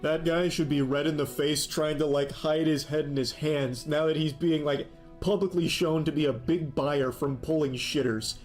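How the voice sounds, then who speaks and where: A man's voice: fairly high pitch, fairly even intonation, normal speed, a little mellow, soft background music. A man commentating on a stream clip in a sarcastic, mocking, incredulous way. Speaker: reaction commentator.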